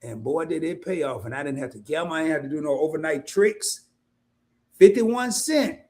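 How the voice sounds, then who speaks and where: A man hosting an investing livestream in a casual, colloquial way, addressing viewers directly as "y'all". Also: fast. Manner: mimics worried investors in high voice.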